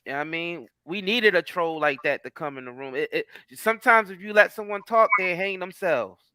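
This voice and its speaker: A male host with a smooth, clear, bright voice and a slightly raised pitch. He talks in a relaxed, slangy way and often says things twice. The sound is close and dry, over a video call. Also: brisk, no room sound. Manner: laid-back, slangy, repeats phrases. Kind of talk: casual chat on a live online show.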